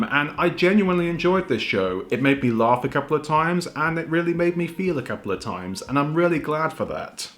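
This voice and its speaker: A young man with a British accent, earnestly reflecting as he delivers a video review. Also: medium pitch. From United Kingdom. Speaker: YouTube reviewer.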